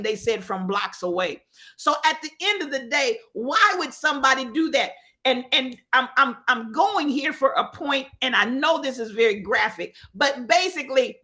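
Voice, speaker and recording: A woman host speaks with a high, bright and forceful voice. She delivers preacherly commentary on the radio. She repeats phrases and asks her listeners rhetorical questions. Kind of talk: impassioned talk-radio commentary.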